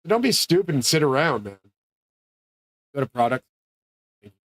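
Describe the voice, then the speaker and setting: A man's voice: mid-range voice, big pitch swings, moderate pace, fairly bright tone, no room sound. A man delivering a rambling solo monologue, ranting in a profane, grandiose way. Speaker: streamer.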